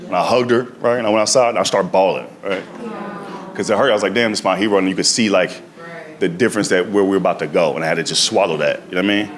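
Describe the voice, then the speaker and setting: A man's voice: deep voice, fast talker. A male stand-up comedian telling stories on stage in a conversational way, often tagging lines with "right?". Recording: echoey room, noisy background.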